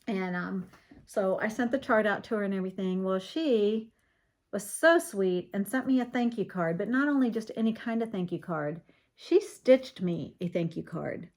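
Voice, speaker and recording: On her craft vlog, a middle-aged woman from Virginia, USA, chats casually while showing off her crafts. Her mid-range voice is a little mellow, and she gushes with frequent ums in this show-and-tell style.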